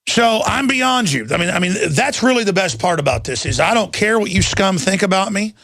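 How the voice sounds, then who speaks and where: A man's voice: sits high, animated, fairly quick, gravelly, a bit bright, dry recording, clean studio sound. A middle-aged man hosting a talk radio show, ranting in an angry, combative and scornful monologue.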